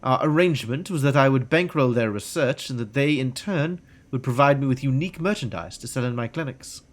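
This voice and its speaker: A man's voice: mid-range voice, brisk, close to an everyday voice. A man reading the lines of a pompous, disgraced male elf doctor aloud from a game, in a haughty, melodramatic manner. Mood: self-pitying.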